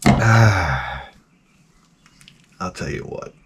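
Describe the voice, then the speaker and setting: Animated guy ranting. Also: sits low, drawn-out words, noisy background. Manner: profane, animated, jumps between tangents. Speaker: vlogger. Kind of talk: rambling comic rant.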